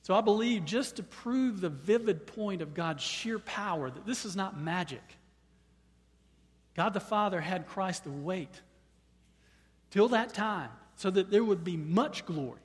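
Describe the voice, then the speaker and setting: A man preaching a sermon. He often repeats words as he starts a phrase, and at times he rises to loud, high-pitched proclamation. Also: a little slow, big-room sound. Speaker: pastor.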